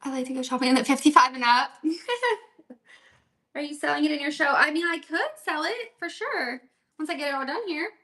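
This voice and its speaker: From her home table, a woman hosts a casual crafting livestream as a seller, chatting and reading viewer comments aloud while she works. Her voice sits high, with lively intonation, normal speed, and a bright, forceful tone.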